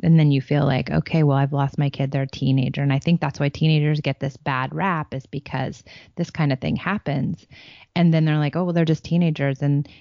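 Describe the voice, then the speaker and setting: A woman's voice: low-pitched, fairly quick, creaky, no echo. A middle-aged woman talking about parenting in a casual podcast chat, earnest and reassuring. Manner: earnest, reassuring, animated when acting out scenes. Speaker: parenting coach. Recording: dull, lo-fi dry sound.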